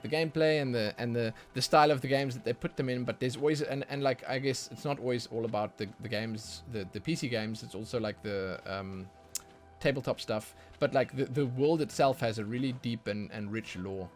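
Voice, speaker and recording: A man livestreaming a game and chatting casually with his viewers, rambling, repeating words as he goes, with sudden bursts of excitement. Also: medium pitch, fairly quick, faint music behind. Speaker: livestreaming gamer.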